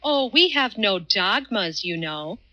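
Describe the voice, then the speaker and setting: Audiobook role: woman playing a dithering male philosopher, airy and sing-song, raised pitch. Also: lively intonation, normal speed, sharp tone, dull audio. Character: airy, wishy-washy man, a philosopher.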